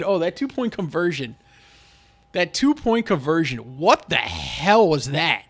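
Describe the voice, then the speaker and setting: A man venting in a casual sports vlog, rambling and frustrated, with many restarts. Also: a little high. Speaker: sports fan vlogger.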